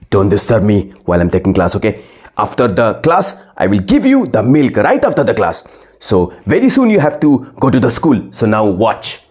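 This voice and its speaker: A man acting as an English teacher, asking questions slowly with frequent fillers. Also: mid-range voice, a little mellow. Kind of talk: scripted classroom role-play.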